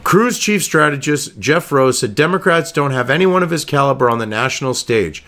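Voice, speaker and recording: A man's voice: medium pitch, lively intonation, moderate pace, fairly bright tone. A man giving profane political commentary, ranting sarcastically and reading news excerpts aloud between crude asides.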